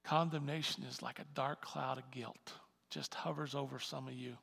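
A man preaching a sermon as pastor, with animated delivery that swings from quiet asides to shouted emphasis. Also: medium pitch, moderate pace, vocal fry, breathy edge, in a large hall.

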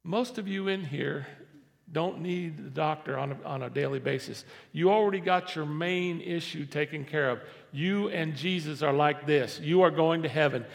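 A man's voice: a little high, normal speed, vocal fry, big-room sound. A man preaching a sermon as pastor in a church sanctuary, conversational and repetitive, rising to emphatic stress.

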